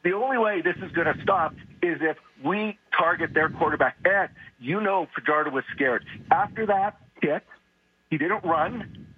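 A hoarse man, calling in to vent angrily, repetitive and heated. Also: a little high, moderate pace. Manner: angry, venting, repetitive. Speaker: caller. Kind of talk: call-in rant. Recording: muffled phone line with faint hiss.

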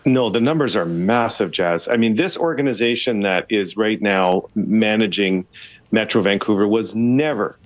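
A man's voice: fairly low pitch, moderate pace, no echo, muffled recording. A man, a city councillor as a radio guest, arguing his points with emphasis and repetition. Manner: emphatic, argumentative, repeats for stress. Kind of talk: radio interview by phone.

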